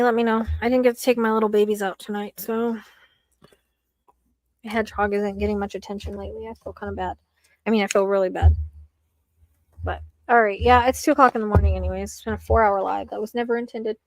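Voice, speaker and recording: A woman's voice: mid-range voice, steady tone, fast, a little mellow. A young woman hosting a late-night psychic live stream from home, rambling with lots of fillers and sounding a little anxious.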